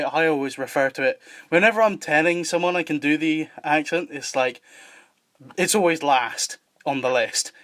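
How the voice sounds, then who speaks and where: A man's voice: medium pitch, fairly bright tone. A man with a Scottish accent hosting a casual podcast chat, joking and swearing and laughing often. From Scotland. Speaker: podcast host.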